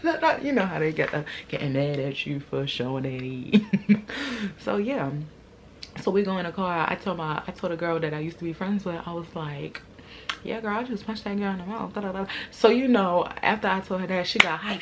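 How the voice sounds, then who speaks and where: A young woman tells a storytime to her viewers in loose, slangy talk, with a fairly low speaking voice. She acts out what other people said with big leaps in pitch and loudness and laughs as she goes. Faint background noise sits under her voice. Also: a little fast. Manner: animated, acts out quoted lines with big jumps in pitch and loudness. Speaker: vlogger. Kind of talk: storytime, casual chat to camera.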